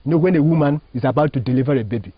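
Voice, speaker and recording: A man's voice: mid-range voice, racing, husky, no room sound. A man from Nigeria, a Catholic priest, teaching in an interview with an emphatic, preacherly manner and rhetorical questions. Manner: emphatic, preacherly, rising and falling phrasing, asks rhetorical questions. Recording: dull lo-fi dry recording.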